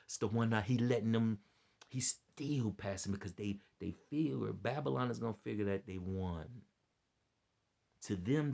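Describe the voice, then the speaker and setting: A dead-tired, worn-out man with a lowish, gravelly, darkish voice rambles through a preachy vlog. As an online preacher and commentator, he offers impassioned unscripted commentary, repeating himself and appealing to the people listening.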